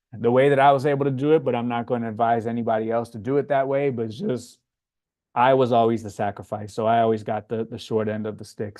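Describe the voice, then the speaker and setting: A man with a Floridian accent talks easily through viewer questions, his voice sitting in an ordinary middle register. He's relaxed and conversational, often pausing on an "um" before answering. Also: mid-range voice. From Florida, USA. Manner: relaxed, chatty, frequent "um" fillers. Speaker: livestream host answering chat. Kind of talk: casual livestream Q&A.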